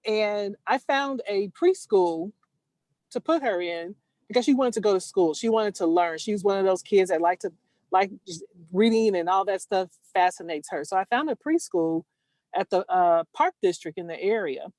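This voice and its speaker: A woman telling a personal story over a video call, earnest and halting, restarting her sentences. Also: medium pitch, animated, darkish tone, no room sound. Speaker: caller sharing a story.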